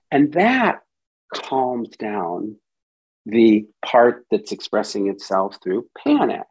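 A man's voice: on the low side, big pitch swings, slow, slightly rough, rough recording. A man speaking as a therapist and podcast guest, explaining ideas at length and briefly acting out inner voices in quotes. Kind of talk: explanatory interview talk.

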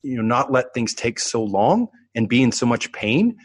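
A man's voice: mid-range voice, sing-song, moderate pace, no room sound. A man talking as a coach in an earnest, reflective way, circling back on his phrases in a podcast conversation.

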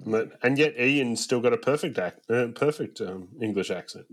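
Male podcast host, middle pitch, rambling fill-heavy questions. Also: animated, normal speed. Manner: rambling, stop-start questions with many fillers. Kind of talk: casual podcast chat.

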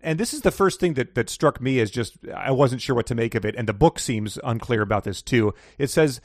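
A man's voice: mid-range voice, expressive, a little fast, few pauses, no echo, clean studio sound. A man co-hosting a casual book podcast, talking in a wry, rambling way with frequent laughs. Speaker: podcast co-host.

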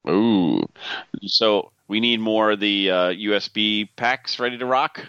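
A man's voice: on the low side, measured pace, bright, forceful tone, clean tone, no echo, dull audio. A man co-hosting a podcast in casual, profane, laughing banter. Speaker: podcast co-host. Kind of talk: casual chat.

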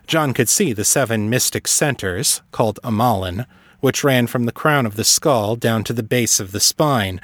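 Male story narrator, measured delivery, mid-pitched voice, dry close sound. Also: dry recording. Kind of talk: scripted audiobook narration.

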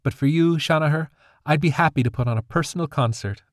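A playful, earnest young sprite girl from a children's storybook, eager and a little mischievous, as a male narrator puts her on. The voice jumps far above the narrator's own into a bright falsetto, recorded close and dry. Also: fast, no echo, close to an everyday voice.

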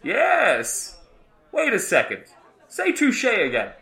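Man, improv comedy, exasperated, high lively bright voice. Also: slow, vocal fry. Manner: exasperated, dry, laughing through lines.

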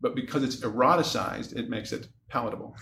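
A man talking candidly as a podcast guest, telling his story in an animated way and loudly acting out his exasperation. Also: mid-range voice, brisk, gravelly, reverberant, slight background noise. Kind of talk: candid casual chat.

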